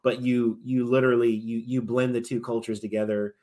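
A man's voice: medium pitch, little pitch movement, a little fast, a little mellow. A man, a military veteran, talking casually as a podcast guest, often restarting his sentences and swinging between emphatic and trailing-off delivery.

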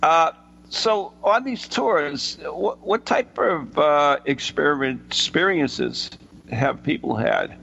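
Gravelly, lively-pitched male radio host. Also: slow pace, lo-fi sound, slight background noise. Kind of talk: casual radio interview.

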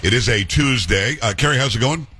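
A man's voice: mid-range voice, a little fast, husky, soft background music. A man hosting a talk radio show in casual on-air banter, teasing his co-host and breaking into voices. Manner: animated, teasing, mimics voices. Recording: radio studio broadcast.

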